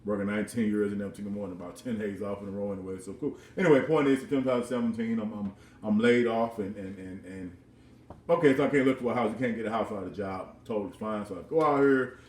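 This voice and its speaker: A man's voice: fairly low pitch, fast, darkish tone, recorded from a distance. Rambling man in his thirties, roomy sound. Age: 30s. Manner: rambling, repeats words, chuckles often. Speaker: vlogger. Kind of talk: casual personal storytelling. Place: his own house.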